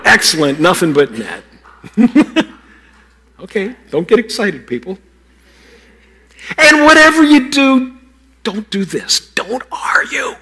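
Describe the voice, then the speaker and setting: A man delivers a children's sermon with a playful, teasing manner and talks straight to the young listeners. His voice is husky and slightly breathy. It sits a little higher than most men's. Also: a bit bright. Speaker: pastor giving a children's message.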